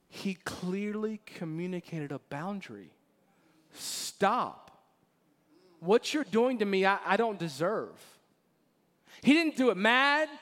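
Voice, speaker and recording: A pastor in his forties giving a sermon, telling stories with laughter and moving between loud emphasis and quiet, earnest lines. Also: high-pitched. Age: 40s. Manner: animated storytelling with laughter, swings between loud and hushed. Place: church sanctuary. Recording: long reverb of a church hall.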